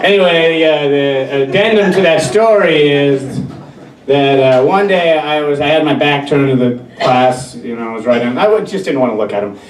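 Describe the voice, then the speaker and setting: High-voiced man doing stand-up in a roomy bar. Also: moderate pace, noisy background. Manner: animated storytelling with acted-out voices. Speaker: stand-up comedian. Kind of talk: stand-up comedy set. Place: brewery. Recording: roomy bar from a distance, crowd laughter.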